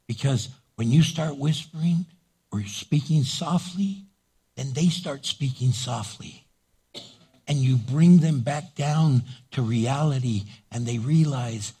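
A middle-aged man preaching a sermon as pastor, loud and animated, acting out little voices to make his points. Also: on the high side, normal speed, slightly rough.

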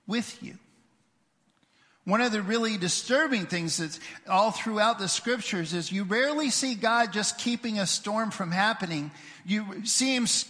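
A man preaching a sermon as pastor, emphatic, shifting his loudness and pace and leading the congregation in responses. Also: sits high. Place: church sanctuary. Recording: livestream with long hall reverb.

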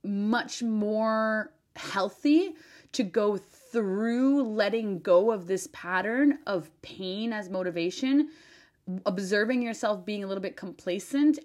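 Chatty animated woman on a podcast. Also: medium pitch. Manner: animated, chatty, many fillers and restarts; expressive, swears for emphasis. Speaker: podcast host and business advisor. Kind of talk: casual monologue podcast.

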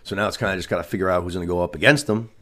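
Low-voiced man in loose, profane podcast chat. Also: very fast, pushed and bright. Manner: loose, profane storytelling with lots of "you know what I mean". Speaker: podcast host. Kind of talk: casual TV recap chat.

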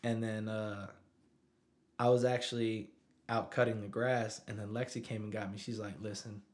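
A man in his thirties, a father, tells a story in casual conversation, often asking "you know what I'm saying". His voice is fairly low and level, at a moderate pace.

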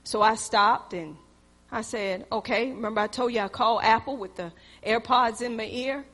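Woman preacher, high and bright, sermon in a church with long reverb, shifts from loud urging to hushed asides. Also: normal speed. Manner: storytelling preaching, swings from loud exhortation to quiet asides.

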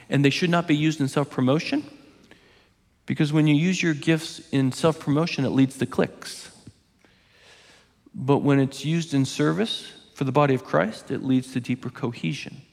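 Gravelly pastor preaching in a reverberant hall. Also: male voice, a little high. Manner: earnest, emphatic, drawn-out pauses for weight. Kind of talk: sermon.

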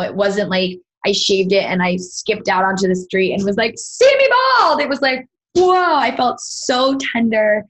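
A woman's voice: mid-range voice, low-quality recording. A woman guest on a podcast, earnestly telling a personal story and acting out quoted dialogue. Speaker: podcast guest, sound healer.

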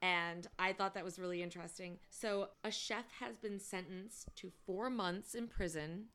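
A woman's voice: medium pitch, steady tone, normal speed, a bit bright. An American woman co-hosting a podcast, telling a story in a casual, chatty way with jokey asides and frequent laughter. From United States. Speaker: podcast co-host. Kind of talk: casual chat.

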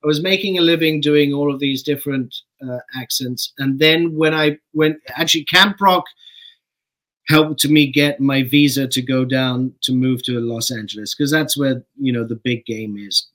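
A middle-aged man from England, a guest actor, telling stories in a casual interview in a relaxed way and swearing offhandedly. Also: mid-range voice, moderate pace, low-quality recording.

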